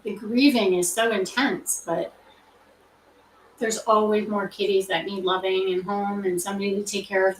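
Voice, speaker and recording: A middle-aged woman from Canada, chatting casually and rambling softly with fillers between study sessions. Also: mid-range voice, far from the mic, a little hiss or hum. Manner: soft, rambling storytelling with many fillers. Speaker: nursing grad student, study-with-me host. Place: home room. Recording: roomy, from off the mic.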